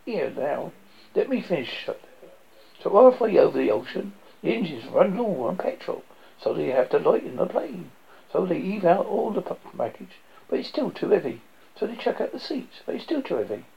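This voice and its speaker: A man's voice: high voice, big pitch swings, fairly quick, vocal fry, slight background noise. A man narrating as he reads a film script aloud, stumbling and correcting himself as he goes. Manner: stumbling, self-correcting reading. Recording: dull lo-fi recording.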